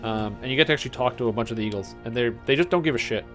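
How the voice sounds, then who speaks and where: Excitable young man streaming a game. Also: mid-range voice. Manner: excitable, swears, chats with viewers; mimics characters in quick offhand voices. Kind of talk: casual gameplay commentary. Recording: faint music behind.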